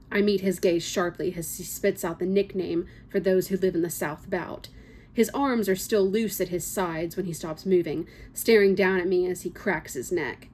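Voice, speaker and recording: A woman's voice: on the low side, steady tone, moderate pace, darkish tone, breathy edge. A woman reading a first-person novel excerpt aloud, with small slips and casual asides. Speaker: book reader.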